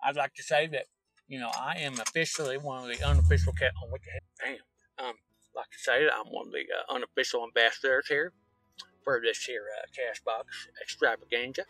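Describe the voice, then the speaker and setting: A man's voice: medium pitch, steady tone, a little fast, pushed and bright, soft background music, voice pushed down, low-quality recording. A man voicing a crude, chatty Kansas hillbilly who rambles and swears in a folksy drawl while driving his car. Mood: rambling.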